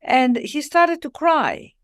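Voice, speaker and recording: A woman talks as a guest author on a spiritual show. Her voice sits slightly high, and she stretches key words for emphasis. She often stops to act out small quoted conversations. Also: takes it slowly. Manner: expressive, lingers on key words, acts out little dialogues. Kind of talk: warm spiritual interview talk.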